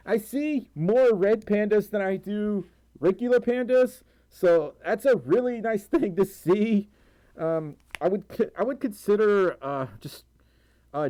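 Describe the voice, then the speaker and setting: A man's voice: high-pitched, warm tone, dry recording, clean studio sound. A young man livestreaming, reading out donations and chat messages in a rambling way with lots of fillers, tired and sore-throated with a recurring cough. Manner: rambling, many fillers, stumbles over reading.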